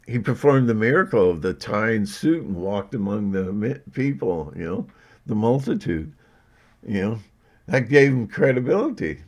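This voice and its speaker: A man's voice: on the low side, animated, a little slow. A man talking to camera in a rambling, casual monologue, joking and self-mocking, with frequent laughs. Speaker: video blogger.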